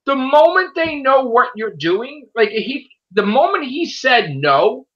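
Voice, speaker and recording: A man hosting a casual chat show who rants in an animated way and swears a lot. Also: extremely high pitch, takes it slowly, dull audio. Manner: animated, profane ranting. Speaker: podcast host.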